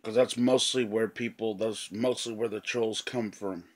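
A man with a somewhat low voice delivers an angry vlog rant to his channel's viewers. He swears constantly, circles back to the same points, and often pauses to clear his throat. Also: fairly even intonation, a little mellow. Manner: profane, repetitive, frequent throat-clearing. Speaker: channel owner.

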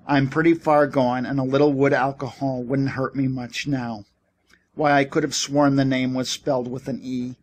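A man's voice: medium pitch, level tone, moderate pace, close to an everyday voice. A man voicing a desperate, irritable young male ex-soldier who talks in an exasperated, insistent way. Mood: weary. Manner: shouting, exasperated.

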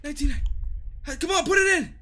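A man's voice: extremely high pitch, very fast, sharp tone. A man giving panicky horror game commentary, screaming, cursing and taunting the monster as he plays. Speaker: gaming channel host.

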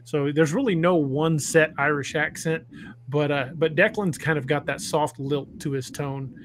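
A man's voice: a little high, fairly even intonation, moderate pace, slight background noise. A man hosting a podcast, chatting enthusiastically and explaining at length. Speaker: podcast host and author. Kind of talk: casual chat.

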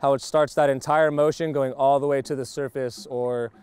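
With a mid-range, darkish, clean voice and fairly even intonation, this drum instructor talks at a normal speed. He walks a group through snare drum technique step by step, often making sure they follow, and is picked up by a wireless lavalier mic.

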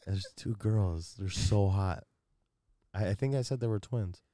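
A man's voice: on the low side, no room sound, clean studio sound. A man who is a returning guest on a podcast, telling stories in a casual chat with lots of laughter. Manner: animated storyteller, laughing often.

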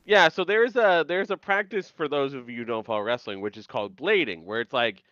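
A man's voice: medium pitch, lively intonation, fairly quick, bright, forceful tone, no echo, highs cut off. A young man co-hosting a casual TV recap podcast, laughing and swearing as he explains scenes. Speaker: podcast co-host.

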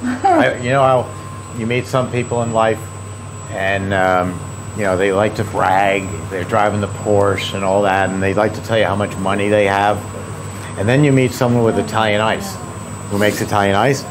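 A man's voice: fairly low pitch, moderate pace, noisy background. A man presenting at an ice cream seminar, talking casually and joking, with a lot of filler words. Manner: relaxed, joking, hesitant with fillers. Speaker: equipment company presenter. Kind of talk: casual seminar demo talk. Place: seminar kitchen with audience.

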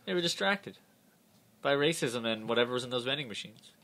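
A man with a bright, lively voice that swings widely in pitch trades quick-witted jabs on a comedy podcast. He drops short asides and teases his co-host. His talk stays loose and conversational. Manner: quick-witted, teasing banter. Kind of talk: casual comedic chat.

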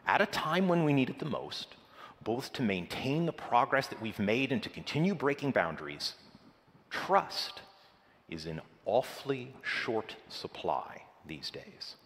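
A man giving a scripted conference keynote with dramatic, measured emphasis. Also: medium pitch, a bit bright. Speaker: conference presenter. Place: large conference hall. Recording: reverberant conference hall.

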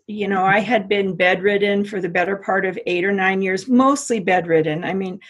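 A middle-aged American woman telling a personal story in an interview, halting with frequent restarts. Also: mid-range voice, gravelly, husky. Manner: halting, many restarts and repeats. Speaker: interview guest.

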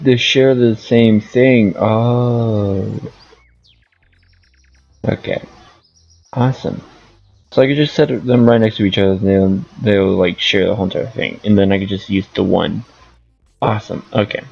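Streamer, male, low gravelly voice, thinks aloud as he plays; muffled lo-fi audio, soft music bed. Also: fairly even intonation, a little slow, long pauses. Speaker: gaming streamer. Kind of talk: casual gameplay commentary.

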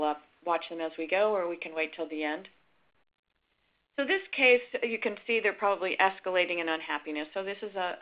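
A middle-aged woman giving a calm, explanatory webinar lecture, sometimes acting out sample dialogue. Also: fairly low pitch, dull audio. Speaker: risk management speaker.

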